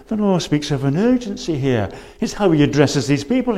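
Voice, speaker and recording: A man with a fairly high, mellow voice and lively intonation preaches at normal speed with few pauses. His church sermon is earnest and urgent, built on repeated rhetorical questions and scripture quoted in archaic wording.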